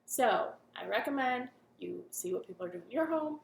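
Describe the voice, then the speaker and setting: A woman's voice: medium pitch, lively intonation, normal speed, creaky, echoey room, a little hiss or hum. A young woman leading a cheerful children's storytime from her living room, chatting and singing simple songs.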